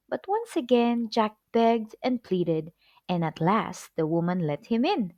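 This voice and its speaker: A woman reads a children's story aloud with an expressive, clear delivery. She takes her time, and her pitch rises and falls in a lively way. The sound is close and completely dry. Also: a little slow, dry recording.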